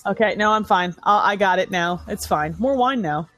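A woman's voice: medium pitch, expressive, moderate pace, a bit bright. A woman making sarcastic, profane running commentary on a film with a friend. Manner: sarcastic, swearing, mocking the film. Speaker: movie riff co-host. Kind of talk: casual movie commentary.

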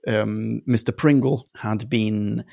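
A man's voice: lowish voice, fairly even intonation, takes it slowly, gravelly, a little mellow. A man co-hosting a casual chat, talking loosely with frequent laughs and rambling asides. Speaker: podcast co-host.

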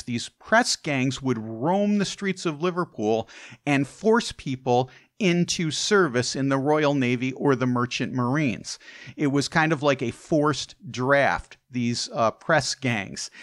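A man's voice: a little high, dry recording, studio quality. A man hosting a podcast, telling history in a casual, conversational storytelling way with chatty asides. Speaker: podcast host.

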